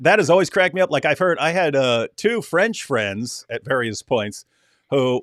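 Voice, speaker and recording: A man chatting on a casual livestream, rambling and laughing often. His voice sits at a middle pitch. The sound is dry, as if from a video call. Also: fairly bright tone, dry recording. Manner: rambling, laughing, mock accents. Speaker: co-host.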